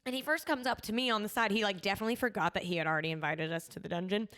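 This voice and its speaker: A woman's voice: medium pitch, racing, fairly bright tone. A woman co-hosting a podcast, telling a story in casual chat, acting out quotes and laughing often. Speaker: podcast co-host.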